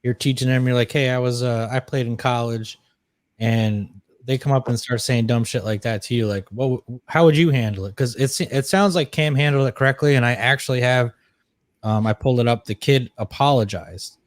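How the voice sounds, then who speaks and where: A man co-hosting a casual podcast, posing questions with halting restarts. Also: medium pitch, no room sound, clean studio sound. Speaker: podcast co-host. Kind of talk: casual chat.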